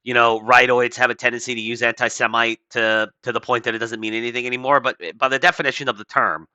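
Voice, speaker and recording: A man's voice: mid-range voice, little pitch movement, fast talker, pushed and bright, dry recording, highs cut off. Blunt, sarcastic male political commentator. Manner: blunt, sarcastic, profane asides. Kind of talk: casual reading and commenting on an article.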